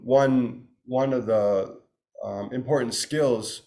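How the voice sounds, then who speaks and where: An American man from Virginia giving a Buddhist teaching talk, halting and thoughtful with frequent restarts. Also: fairly low pitch, darkish tone. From Virginia, United States. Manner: halting, many restarts and pauses. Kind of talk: teaching talk with personal story.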